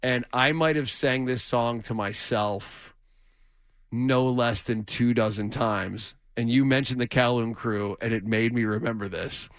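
A man co-hosting a podcast, telling animated, jokey stories in casual chat. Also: mid-range voice, a little slow. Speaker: podcast co-host.

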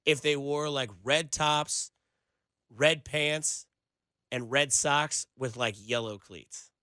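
A man's voice: fairly high pitch, steady tone, takes it slowly, pushed and bright, dry recording. A man hosting a casual sports talk radio show from a studio, rambling loosely with lots of filler words. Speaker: radio show producer and host. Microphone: studio microphone.

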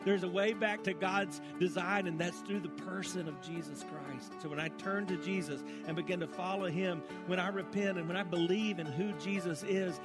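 A male pastor preaching a sermon, telling homespun stories with gentle humor. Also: sits high, steady tone, normal speed, hardly any pauses, over loud music.

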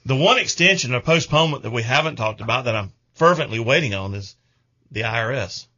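A man's voice: mid-range voice, expressive, brisk, bright, forceful tone, muffled recording. A middle-aged man, hosting a radio show in casual, rambling chat.

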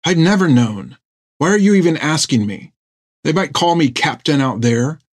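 A man's voice: medium pitch, lively intonation, measured pace, darkish tone, slightly rough, no room sound, clean studio sound. Man doing a tearful young woman captain. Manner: pleading, defensive.

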